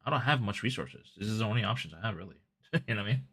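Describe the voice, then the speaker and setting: A man livestreams, chatting casually with his viewers in a fairly low voice that is very fast, sharp and lively in intonation. He rambles self-consciously and restarts often.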